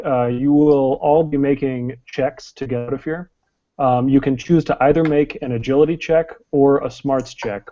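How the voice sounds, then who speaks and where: A man runs a tabletop game as its game master, his voice mellow and relaxed. He works through the rules one step at a time, with plenty of ums and uhs. The recording sounds dull and lo-fi. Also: medium pitch. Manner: explains rules step by step, many fillers.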